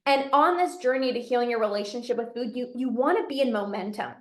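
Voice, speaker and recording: A woman's voice: fairly high pitch, fast talker, echoey room. A woman coaching on binge eating in a casual, earnest way, often adding "like" and "right?" as she talks. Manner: earnest, conversational, many "like" and "right?" fillers. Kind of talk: casual direct-to-camera advice.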